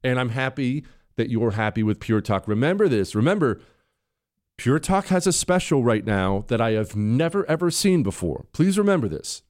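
Male talk host, middle-pitched, very animated storyteller with punchy delivery. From United States. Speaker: radio talk show host. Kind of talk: casual storytelling monologue.

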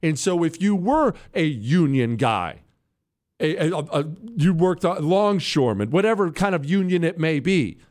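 Talk radio host, male, slightly high voice, emphatic conversational monologue with big swings in pitch for emphasis. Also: animated, unhurried, a little mellow. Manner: conversational, emphatic, talks to listeners and producers.

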